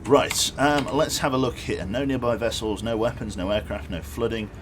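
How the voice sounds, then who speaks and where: His voice is mid-range and his speed normal as he streams a submarine game with casual, rambling commentary full of wry, self-mocking humor. The recording has a noisy background hum.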